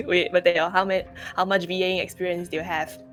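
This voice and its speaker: Excitable, low-voiced woman streamer. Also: normal speed, soft background music. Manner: excitable, swears a lot. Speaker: streamer co-host. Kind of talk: casual chat and document reading.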